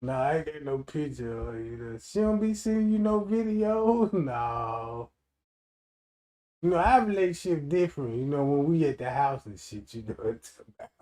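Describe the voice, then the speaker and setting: A man doing a loud comedic livestream rant, animated and profane, laughing often and acting out quotes in different voices. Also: medium pitch, normal speed. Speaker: streamer.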